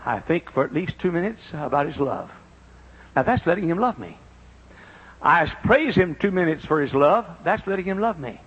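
Older man, preacher, husky voice, lively swooping pitch, dull lo-fi recording. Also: normal speed. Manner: swings from low confiding talk to high shouted praise. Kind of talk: sermon.

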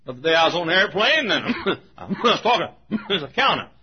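An older man preaching a sermon, telling a story and acting out the voices, shouting at the high points. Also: fairly quick. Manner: animated, acts out voices, shouts at peaks. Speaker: pastor. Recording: muffled lo-fi recording.

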